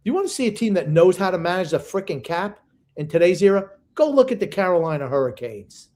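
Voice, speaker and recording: Gruff opinionated older man, podcast. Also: sits high, very animated, brisk, a little mellow. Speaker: podcast co-host. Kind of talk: casual sports podcast chat.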